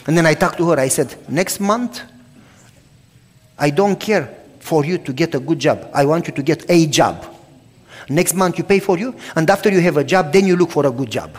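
In sermon storytelling, this pastor in his sixties loudly and animatedly performs both parties in each conversation he describes. He speaks at a moderate pace in a voice on the high side, recorded with a long hall reverb.

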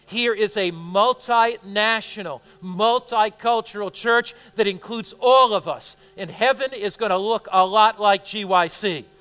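High, bright-voiced American preacher in a big hall. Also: male voice, a little slow, hardly any pauses. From United States. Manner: call-and-response, joking with the audience. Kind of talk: sermon. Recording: long hall reverb.

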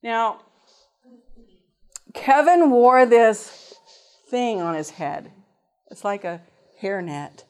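A woman giving a spoken testimony to an audience about her time teaching in a GED lab. She tells it as an animated story, acting out the other people's voices. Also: a little high, extremely slow, pauses often, clean tone. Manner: lively storyteller who acts out voices and laughs.

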